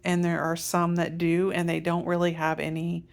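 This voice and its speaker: A middle-aged woman with a low, gravelly voice gives a casual vlog update. She rambles and corrects herself as she walks through her medication plan. She talks like she is chatting to a friend. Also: monotone, moderate pace. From Iowa, USA. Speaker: patient sharing a health update.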